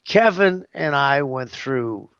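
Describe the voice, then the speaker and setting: A man's voice: mid-range voice, lively intonation, takes it slowly, fairly bright tone, clean tone, no echo, muffled recording. A man giving a casual interview as a guest, rambling and hesitant, with lots of "you know what I mean.".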